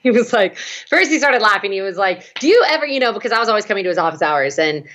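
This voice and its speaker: A young woman from Texas, a guest telling a story in casual chat, acting out the people in it with quick jumps of voice. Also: muffled recording. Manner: animated, acts out quoted voices with big pitch jumps.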